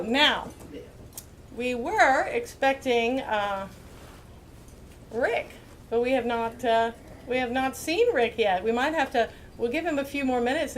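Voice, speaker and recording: A woman's voice: a little high, slight background noise. A woman hosting a casual live stage show, rambling folksily with plenty of fillers. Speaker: show host and singer-songwriter.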